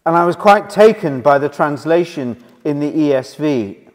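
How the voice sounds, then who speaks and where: A man's voice: a little high, animated. A man preaching a sermon in an earnest way, leaning hard on key words. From Wales. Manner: slow, earnest, rising and falling emphasis. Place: church hall. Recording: reverberant church hall.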